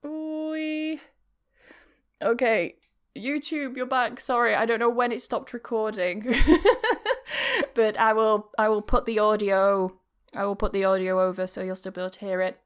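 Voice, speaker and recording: A woman's voice: fairly high pitch, little pitch movement, measured pace, smooth. A young woman hosting a podcast, telling personal stories in a rambling, casual, confessional way, laughing often. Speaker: podcast host. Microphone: camera recording.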